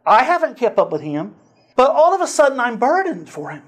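A man preaching, telling a personal story in a sermon with lively acted-out dialogue and frequent chuckles. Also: extremely high pitch, fairly quick. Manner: animated storyteller, acts out dialogue, chuckles often.

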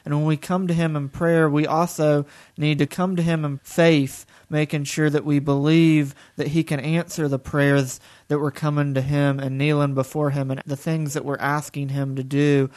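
Calm young man, smooth even voice. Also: a little high, normal speed, hardly any pauses. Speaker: guest, son of the preacher. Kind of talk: conversational reflection.

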